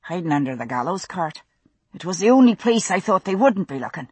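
A woman voicing a young fugitive man with a soft, deep voice, polite and weary. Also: big pitch swings, fairly quick, slightly rough, no room sound. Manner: polite, weary, quietly courteous.

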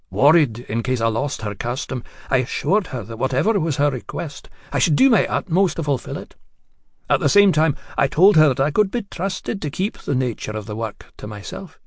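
A man narrating a story in the first person, in a measured, confiding way that speaks directly to the listener. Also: mid-range voice, lively intonation, vocal fry, no echo, studio quality.

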